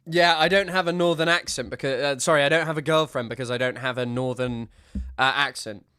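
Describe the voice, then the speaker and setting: Casting: young man from Southwest England, streamer, rambling and jokey, with a clear, smooth voice, dry close sound. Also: medium pitch, fairly quick, pushed and bright, no room sound. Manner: joking, rambling. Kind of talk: casual stream commentary.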